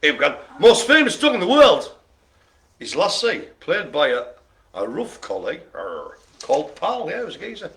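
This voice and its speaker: Guy calling bingo, jokey and laughing a lot, bouncy pitch, bright voice. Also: wildly swooping pitch, moderate pace. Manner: playful, laughing, chatty banter. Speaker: bingo caller and host.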